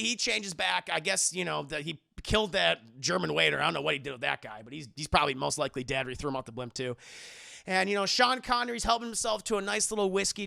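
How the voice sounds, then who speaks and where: A man's voice: on the high side, gravelly, pushed and bright, no echo, clean studio sound. A man reviewing a film live for his chat, retelling scenes in a casual, profane way.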